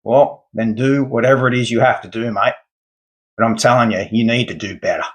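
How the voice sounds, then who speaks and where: A man's voice: mid-range voice, steady tone, brisk. A man delivering an angry, lecturing monologue rant as a podcast host. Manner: indignant, lecturing, formal words.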